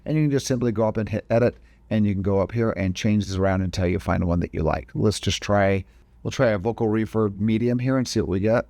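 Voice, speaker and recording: Low-voiced man walking through software. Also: fast talker, dry recording. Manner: casual step-by-step explaining, frequent self-corrections. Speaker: video editing instructor. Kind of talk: screen-recorded software tutorial.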